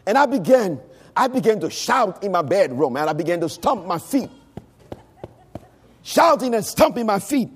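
Husky preacher guy, high voice, shouting and half singing, big echoey church sound. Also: very animated, moderate pace, pauses often. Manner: preaching with shouts and sung rising phrases. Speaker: pastor. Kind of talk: sermon. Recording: long hall reverb.

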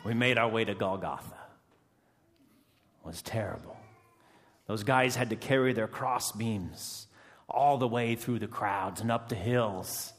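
A man playing a gravelly freed rebel prisoner. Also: lowish voice. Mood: intense. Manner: hushed and loud swings, dramatic pauses. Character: rough freed male rebel prisoner, fierce and emotional. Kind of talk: first-person dramatic monologue. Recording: long reverb of a large hall.

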